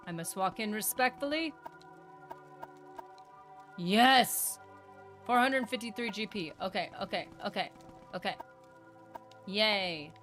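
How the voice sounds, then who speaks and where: A woman streaming a video game live, chatting casually, reading chat aloud and breaking into excited bursts. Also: mid-range voice, slow, long pauses, faint music behind. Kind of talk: live gameplay commentary.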